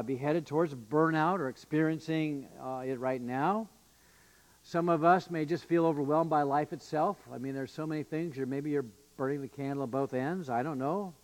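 A male pastor giving an earnest, emphatic sermon with occasional fillers and restarts. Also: a little high. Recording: long reverb of a church hall.

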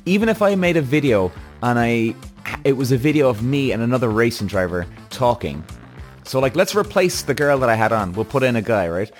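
A man with a mid-range voice rants alone on his own podcast, animated and brisk, with soft music playing behind him. He's blunt and heated, swears a lot, and keeps restlessly correcting himself mid-thought.

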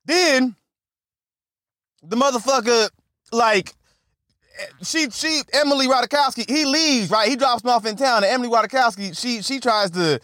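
A man retelling a film plot in casual, profane, animated talk, often stammering and repeating himself. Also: extremely high pitch, normal speed, pauses often, no echo, studio quality. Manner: animated, repetitive, swears constantly, stammers on restarts. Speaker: movie recap vlogger.

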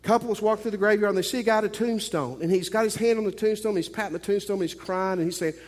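A man's voice: sits high, quick pace. A man preaching a sermon as a pastor, emphatic and playful, with joking asides. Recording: long hall reverb.

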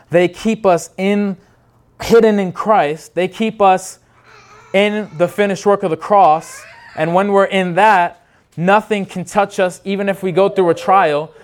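Earnest preacher man, slightly high voice. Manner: earnest, many restarts, acts out quoted voices. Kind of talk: sermon.

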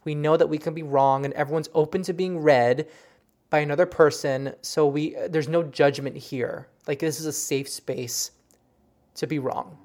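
A psychic medium recounting a reading in an earnest, emotional, halting way, often restarting sentences and trailing off softly. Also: medium pitch, fairly even intonation. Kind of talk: personal storytelling.

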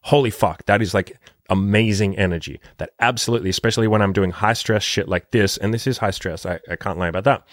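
A man's voice: fairly low pitch, no room sound, clean studio sound. A man who works as a dating coach, talking casually and emphatically on his podcast with a lot of swearing. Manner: profane, emphatic, rapid-fire.

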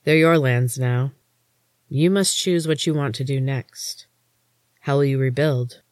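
A man reading a storybook, voicing an urgent, protective grown woman guardian in an earnest, quickened tone. The voice stays close to his own. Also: medium pitch, fairly even intonation, darkish tone, no echo, natural voice.

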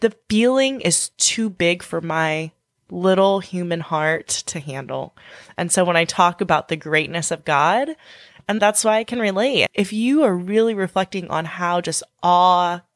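A woman's voice: mid-range voice, no echo. A woman in her thirties co-hosting a faith podcast, talking in an earnest, heartfelt and encouraging way. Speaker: podcast co-host.

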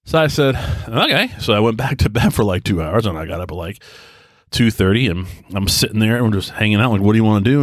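A man's voice: fairly low pitch, no room sound, studio quality. A man in his thirties hosting a solo casual podcast from home, rambling and self-deprecating with many restarts. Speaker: podcast host. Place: quiet home.

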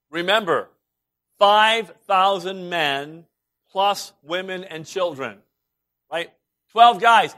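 A man preaching a sermon, emphatic, swinging between loud, urgent passages and hushed ones. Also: high voice, slow.

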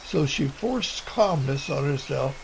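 Gravelly man reading a homespun story. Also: medium pitch, lively intonation, slow pace, background noise. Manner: earnest, homespun reading with small slips. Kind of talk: storybook narration. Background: music.

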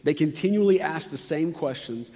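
A man preaching with a slightly higher voice, telling the story dramatically and dropping from excited, loud bursts to soft, hushed lines. His voice carries a long reverb, as in a large church hall. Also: normal speed. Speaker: pastor. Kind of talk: sermon.

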